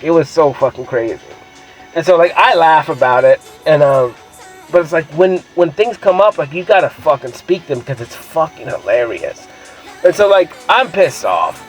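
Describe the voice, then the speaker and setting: A young man with a slightly high voice rambles through a profane personal story in a casual monologue. He's a vlogger, brash and self-assured, and uses plenty of filler words. The recording quality is low.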